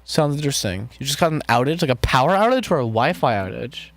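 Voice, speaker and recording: A man's voice: mid-range voice, fast talker. A man making music on a live stream, chatting casually with viewers and joking as he works. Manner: relaxed, jokey, talks to chat while working.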